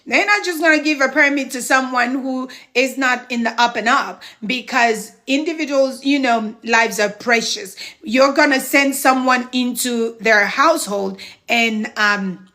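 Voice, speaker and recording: A middle-aged home care business mentor gives advice on a live stream, chatty and encouraging, pausing to thank viewers as she walks through steps. Her voice is high, bright and forceful, at a measured pace.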